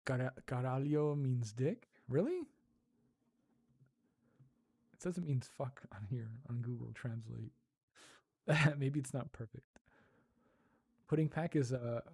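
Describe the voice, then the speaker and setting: Laid-back male streamer, slow and mellow, giggly, repeats foreign words carefully. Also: mid-range voice, expressive, breathy edge. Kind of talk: casual livestream chat.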